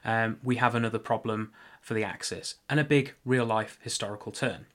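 A man's voice: lowish voice, steady tone, brisk, fairly bright tone. Rambling man podcast host. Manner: rambling, self-correcting, joking asides. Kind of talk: casual history podcast narration.

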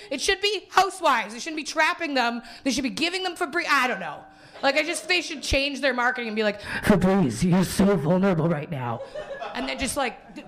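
A woman's voice: on the high side, fairly bright tone. A woman from Winnipeg doing a stand-up set, rambling and self-deprecating, laughing as she talks. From Winnipeg, Canada. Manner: rambling, self-deprecating, with frequent laughs and put-on quoted voices. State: hungover. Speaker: stand-up comedian. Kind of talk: stand-up set before a live audience.

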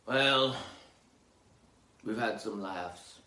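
Podcast guy rambling and joking, bright voice, grainy clicky audio in an echoey room. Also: fairly low pitch, drawn-out words. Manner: theatrical, jokey, swings between loud outbursts and mumbled asides. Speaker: podcast host. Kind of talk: rambling comedic podcast chat.

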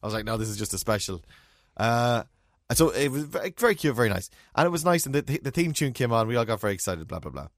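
A chatty, wry man in middle age, talking casually as a co-host. His pitch swings up and down a lot, and the sound is dry and close with no room echo. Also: sing-song, quick pace. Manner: chatty, wry, trails off with fillers. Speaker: podcast co-host. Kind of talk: casual chat.

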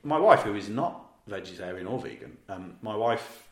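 A man with an East Midlands accent, from Leicester, co-hosting a podcast and telling a long anecdote in a lively, laughing way, with the odd swear. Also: lowish voice, moderate pace, echoey room. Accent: East Midlands English. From Leicester, England. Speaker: podcast co-host. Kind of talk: casual storytelling chat.

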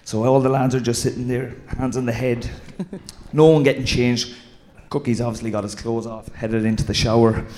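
A man spins rowdy dressing-room stories in loose, casual chat. He swears freely and laughs through his tales at a steady, middling pitch. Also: normal speed. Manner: swearing, laughing anecdotes, mimicking a shouting manager. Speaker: former footballer guest.

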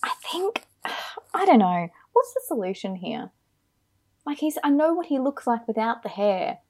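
A woman co-hosts a relaxed film-review podcast with a husky, slightly breathy voice. Her pitch sits fairly high and leaps around as she argues with emphatic, incredulous energy. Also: unhurried. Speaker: podcast co-host. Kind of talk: casual film-review chat.

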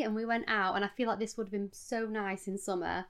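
Brief: young British woman, mid-pitched, giggly chatty co-host. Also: steady tone, brisk, clean tone. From United Kingdom. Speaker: podcast co-host. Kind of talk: casual chat.

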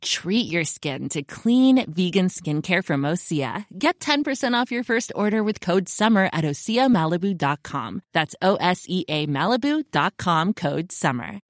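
Casting: female ad announcer, slightly low, dry, polished delivery. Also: animated, moderate pace, few pauses, no room sound. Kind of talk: scripted ad read.

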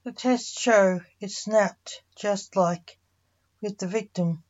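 A woman voicing a chicken who speaks calmly as a courtroom lawyer, in a plain, matter-of-fact reading. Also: mid-range voice, takes it slowly, highs cut off.

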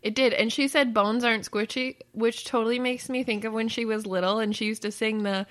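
A woman hosts a relaxed family chat, playful and upbeat. She laughs easily and keeps the questions coming. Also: fairly high pitch, fairly quick, few pauses. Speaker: host asking a child questions.

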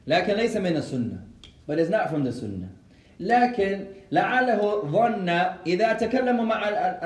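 A man with a somewhat high voice teaches an Islamic class, switching between English and recited Arabic phrases. He tells stories with animated asides and takes questions from students. The room is echoey. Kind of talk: lecture with Q&A.

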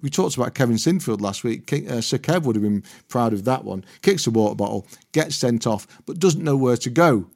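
A man's voice: mid-range voice, expressive, fairly quick, gravelly, few pauses, a little mellow. A man co-hosting a football podcast over a video call, telling anecdotes with laughs in between. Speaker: podcast co-host. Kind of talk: casual football chat.

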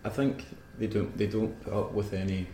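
A Scottish man rambles through a relaxed interview, often breaking into laughter mid-story. His voice sits fairly low, and the room around him adds a noticeable echo. A faint hum of ambience hangs behind his words. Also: moderate pace. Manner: rambling, laughs often while telling stories. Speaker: musician guest. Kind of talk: casual interview chat. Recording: roomy echo.

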